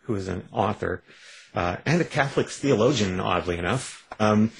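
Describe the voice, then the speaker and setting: A man's voice: fairly low pitch, lively intonation, normal speed, vocal fry, a little hiss or hum, rough recording. A man from Canada, an author being interviewed on a radio show, wry and self-deprecating, rambling with many restarts. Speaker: author guest.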